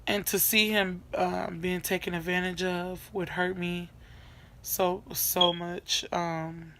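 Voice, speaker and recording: A woman's voice: fairly low pitch, little pitch movement, slow pace, background noise. A young woman chatting casually in a get-to-know-me vlog from her bed at night, rambling with many fillers and repeating herself. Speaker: vlogger.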